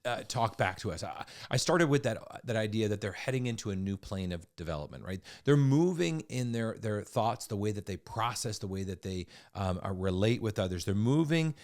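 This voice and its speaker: A man's voice: fairly low pitch, animated, moderate pace, hardly any pauses, a little mellow. A man in his forties co-hosting a parenting podcast, explaining ideas earnestly with frequent restarts. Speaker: podcast co-host. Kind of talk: casual chat.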